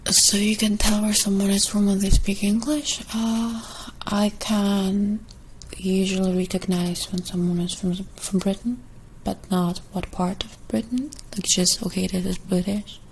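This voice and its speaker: A young woman with a German accent and Russian as her first language, soft and hesitant in a whispered ASMR Q&A. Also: medium pitch, level tone, slight background noise, rough recording. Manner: soft, hesitant, many pauses. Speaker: ASMR creator.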